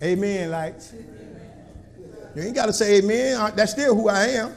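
Preacher, male, very high voice, preaching cadence, folksy and punchy. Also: normal speed. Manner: call-and-response preaching, colloquial, rising to shouts. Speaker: pastor. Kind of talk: sermon.

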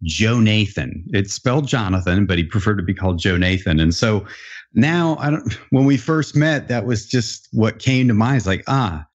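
A man's voice: fairly low pitch, animated, moderate pace. A man hosting a podcast interview, chatty and joking, telling loose stories with restarts. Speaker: podcast host. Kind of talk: casual interview chat. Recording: dull lo-fi podcast sound.

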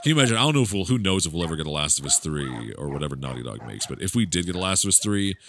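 A man's voice: very deep voice, big pitch swings, rapid-fire, fairly bright tone, slight background noise. A man giving rambling, joking commentary while playing a video game, laughing often. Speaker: gaming YouTuber. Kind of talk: casual let's-play commentary.

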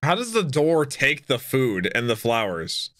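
A young adult hosting an anime reaction video, talking loudly, exclaiming and swearing often. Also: mid-range voice, very animated, unhurried. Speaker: anime reaction channel host. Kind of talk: excited reaction commentary.

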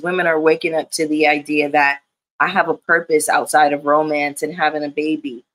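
A woman's voice: low voice, little pitch movement, moderate pace, fairly bright tone. A woman in her thirties chatting casually and candidly as a commentary vlogger, emphatic and profane. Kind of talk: casual chat.

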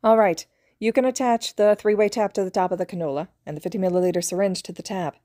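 A woman voicing a calm, authoritative female trauma doctor who gives brisk clinical orders and reassures patients. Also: medium pitch, dry recording, clean studio sound, natural voice. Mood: instructive.

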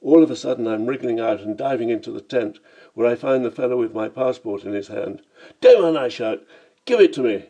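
A man's voice: mid-range voice, fairly even intonation, a little fast, dark tone, poor audio. A man narrating his own travel memoir in a vivid, dramatic storytelling manner.

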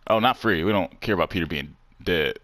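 A man's voice: sits low, a little fast, fairly bright tone, dry recording. A man hosting a video game playthrough in casual commentary, swearing, joking and laughing often. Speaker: gaming channel host. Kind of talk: casual let's-play commentary.

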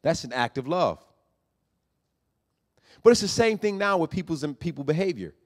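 Emphatic preaching man, higher voice. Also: animated, moderate pace, pauses often. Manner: conversational preaching, builds to loud emphatic peaks. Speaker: pastor. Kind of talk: sermon.

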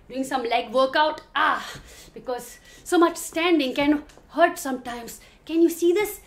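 A young woman vlogger talking fast and giggling through her bloopers. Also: high voice, expressive. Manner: hyper, giggly, talks fast. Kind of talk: bloopers vlog.

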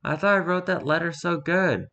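A man voicing a small girl lost at an amusement park, childlike and pleading in a hushed voice. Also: fairly high pitch, normal speed, vocal fry, highs cut off. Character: sweet little girl lost at a theme park.

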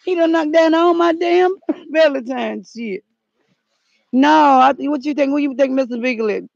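A woman vlogging outdoors in the cold, talking in a dramatic, slangy way and shouting out calls. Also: high voice, moderate pace, vocal fry, no echo. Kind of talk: casual outdoor vlog. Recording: dull lo-fi phone audio.

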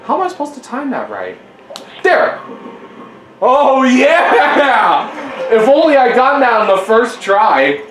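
A young man giving casual gameplay commentary at home, exasperated and yelling at the game. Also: high-pitched, huge pitch swings, a little fast, reverberant, a little hiss or hum, low-quality recording. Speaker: gaming YouTuber. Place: home living room.

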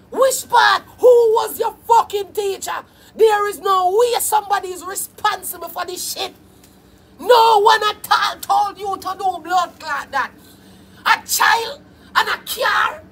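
Shouting high-voiced Jamaican woman. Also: creaky, slight background noise. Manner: shouting, scolding, heavy swearing. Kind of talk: profane comedic rant.

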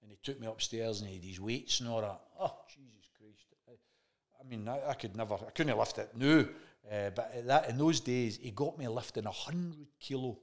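Chat show guest: a rough-edged Scottish man who spins a yarn with salty language and plays every part himself. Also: mid-range voice, normal speed. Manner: swears freely, acts out remembered dialogue. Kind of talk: casual storytelling chat.

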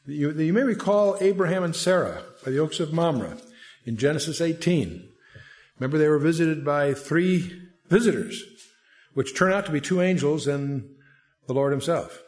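A man's voice: on the high side, animated, normal speed, darkish tone. Conversational man teaching the Bible. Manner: conversational, digressive, with asides; reads scripture aloud in a lifted voice. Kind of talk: Bible study lecture.

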